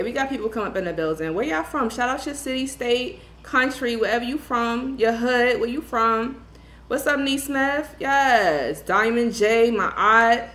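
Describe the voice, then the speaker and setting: Animated Brooklyn woman hosting a livestream. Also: fairly high pitch. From Brooklyn, New York. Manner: animated, shouting out viewers with slangy greetings. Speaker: tarot reader livestream host. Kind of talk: casual livestream chat. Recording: echoey room with faint ambience.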